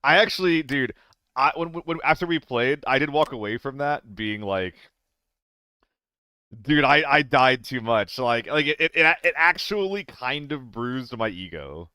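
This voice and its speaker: Young male streamer, casual and chatty, swears freely; smooth voice, dry close sound. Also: medium pitch, lively intonation, moderate pace, bright, forceful tone, no room sound. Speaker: game streamer. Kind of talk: casual live-stream chat.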